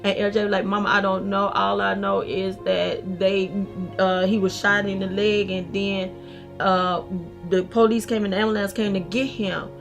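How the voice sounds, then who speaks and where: A woman's voice: mid-range voice, level tone, moderate pace, music in the background. A middle-aged woman, telling her story in a documentary interview and acting out what people said. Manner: vivid retelling, acting out past dialogue. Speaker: interviewee, mother of a shooting victim.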